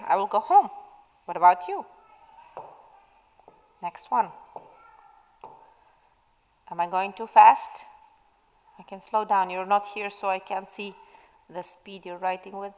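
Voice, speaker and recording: A woman's voice: mid-range voice, a little slow, pauses often, in a large hall, low-quality recording. A woman teacher recording a spelling lesson for pupils at home, dictating words patiently from her classroom. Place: classroom at school.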